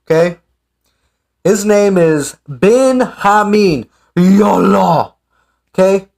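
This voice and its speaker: A man's voice: high voice, extremely slow, vocal fry, a little mellow. A man giving casual, sarcastic ranting commentary as an online commentator. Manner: sarcastic, mocking.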